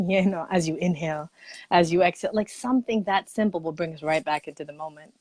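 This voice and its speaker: A woman guest on a live chat, telling a story with animated acted-out quotes and easy laughter. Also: on the low side, fast talker, no echo. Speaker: guest expert. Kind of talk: casual livestream chat.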